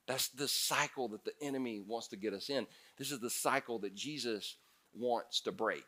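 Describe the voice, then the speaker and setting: A male pastor preaching a sermon, animated, moving between loud bursts and hushed passages. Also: medium pitch, normal speed.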